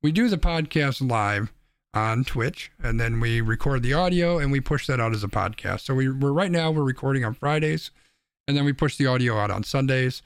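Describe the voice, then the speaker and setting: A man's voice: mid-range voice, expressive, normal speed, clear, resonant tone, no room sound, clean studio sound. A man co-hosting a casual podcast, telling a joke in a rambling way with restarts. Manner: rambling, restarts, laughs at own jokes. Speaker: podcast co-host.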